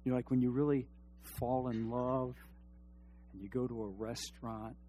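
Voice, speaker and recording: Emphatic preacher, hushed then shouting. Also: male voice, medium pitch, fairly even intonation, moderate pace, a little hiss or hum. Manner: engages the congregation with questions. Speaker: pastor. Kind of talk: sermon.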